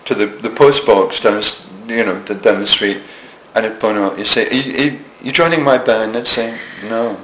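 A man's voice: fairly low pitch, moderate pace, hardly any pauses, fairly bright tone. Scottish guy in his 70s spinning yarns, lots of restarts, roomy sound, faint hiss. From Scotland. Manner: rambling, self-mocking anecdotes with frequent restarts. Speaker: interviewee. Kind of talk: storytelling interview. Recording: echoey room with faint noise.

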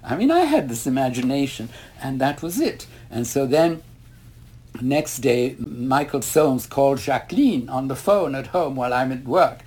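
An older man with a husky voice, recalling his past in a long interview. He tells his stories in a lively way, slipping into the voices of the people he quotes and breaking into laughter. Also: mid-range voice, normal speed. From Ireland. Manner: animated, acts out quoted voices, laughs often. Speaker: interview guest. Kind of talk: reminiscing storytelling.

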